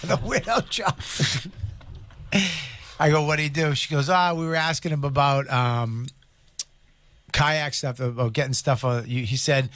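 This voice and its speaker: A man's voice: medium pitch, a little slow, long pauses, fairly bright tone, no echo. A man co-hosting a casual comedy talk show, bluntly telling stories about his son and swearing freely. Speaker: co-host.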